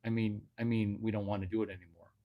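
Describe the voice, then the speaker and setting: A man's voice: fairly low pitch, flat delivery, fast, narrow, tinny audio. A man hosting a livestream, telling a crude, boastful, rambling comic story.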